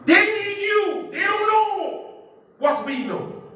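A pastor leading a Bible study, lively and joking, asking the congregation to finish his phrases. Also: extremely high pitch, takes it slowly. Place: church. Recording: echoey church room, far from mic, faint hiss.

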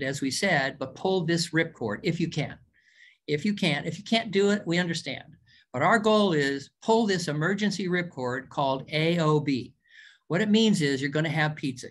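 A man's voice: fairly high pitch, fairly bright tone, a little hiss or hum. A man giving an informal diet lecture as a doctor, talking in a folksy, emphatic way, joking and repeating words for emphasis.

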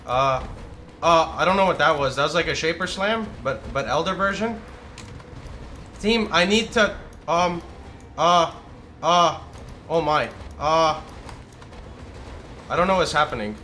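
A man streams a game and talks his way through it, yelling out moves and swearing as things happen. His voice sits a little high and sounds bright and forceful. A studio condenser mic keeps it close and clear. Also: unhurried, pauses often, slight background noise. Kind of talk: live gameplay commentary. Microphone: studio condenser microphone.

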